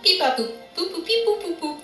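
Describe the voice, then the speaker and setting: Excited, high-voiced woman co-host. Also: a little fast, reverberant, faint music behind. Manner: excited, gushing. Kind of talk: playful show hosting.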